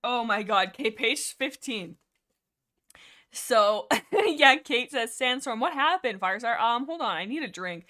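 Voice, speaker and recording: A woman's voice: a little high, animated, slow, bright, forceful tone. A young woman hosting a casual livestream, rambling and giggly as she talks through a book with lots of fillers. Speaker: livestream host.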